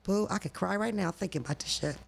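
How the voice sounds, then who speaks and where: Animated gravelly-voiced woman telling a story. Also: fairly low pitch, fast, a little hiss or hum. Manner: animated, profane, acts out quoted voices. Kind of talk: casual storytelling chat.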